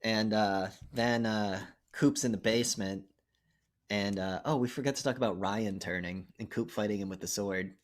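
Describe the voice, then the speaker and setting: A man co-hosting a podcast, retelling a horror movie plot in casual, animated chat, swearing freely. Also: fairly low pitch, normal speed. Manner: animated storytelling, heavy swearing, acts out quotes. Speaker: podcast co-host.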